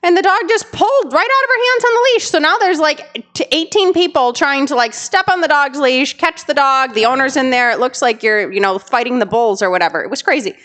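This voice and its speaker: A woman co-hosting a casual podcast, telling animated stories and sounding exasperated about careless dog owners. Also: sits high, brisk, hardly any pauses. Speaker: podcast co-host, dog trainer.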